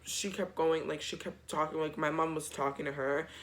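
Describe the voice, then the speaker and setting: A man's voice: a little high, steady tone, normal speed, fairly bright tone. A young man telling a storytime vlog in a chatty, slangy, dramatic way. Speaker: vlogger. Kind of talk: casual storytime.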